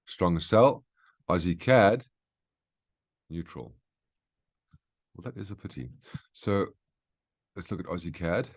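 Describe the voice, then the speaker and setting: His voice sits low with lively intonation, moving slowly and leaving long pauses. The market analyst host of a daily brief talks through price charts live, teaching casually and checking in often with "okay?".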